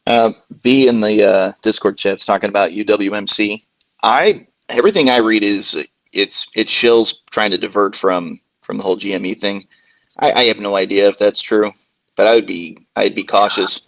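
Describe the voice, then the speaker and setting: A man's voice: lowish voice, moderate pace, fairly bright tone, dry recording, low-quality recording. A man chatting casually in a stock discussion group, easygoing and cautious. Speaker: regular in a stock chat.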